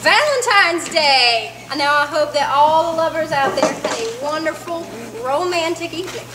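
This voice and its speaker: A woman playing a folksy country comedienne, telling corny jokes on stage in a drawn-out, chatty way. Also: high-pitched, animated. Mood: cheerful. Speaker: comedy performer at a church variety show. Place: church fellowship hall on stage. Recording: echoey hall with audience noise. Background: audience chatter and room noise.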